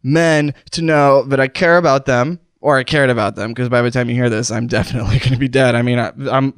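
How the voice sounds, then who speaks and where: A man's voice: medium pitch, fairly even intonation, brisk, clear, resonant tone, no room sound, studio quality. A man hosting a comedy podcast, playing out a mock death scene while talking, pained and strained, trailing off and restarting mid-sentence. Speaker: podcast host. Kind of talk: comedic improvised monologue. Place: recording studio. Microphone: studio microphone.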